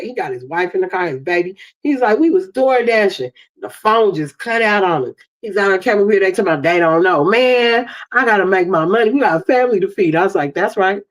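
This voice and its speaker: A woman in her fifties with an African American English accent, hosting a livestream and telling stories in an animated way, acting out the dialogue. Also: lowish voice, normal speed. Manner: animated storytelling, acts out dialogue. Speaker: livestream host. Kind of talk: casual livestream monologue. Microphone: streaming setup mic.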